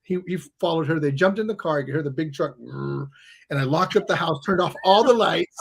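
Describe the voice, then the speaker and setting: High-voiced animated male storyteller. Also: moderate pace, gravelly, breathy edge. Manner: animated, acts out the people in his stories. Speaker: guest, coach and author. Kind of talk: conversational storytelling.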